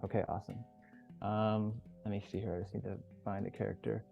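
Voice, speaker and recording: A man hosting a group video call as coach, teaching in a relaxed, casual way. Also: on the low side, brisk, creaky. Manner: relaxed, casual, swears now and then. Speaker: workshop host and coach. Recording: dull lo-fi call audio with faint music.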